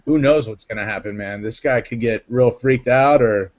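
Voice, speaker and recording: A man's voice: medium pitch, normal speed, lo-fi sound. A man hosting a casual live panel chat, joking and rambling. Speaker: host.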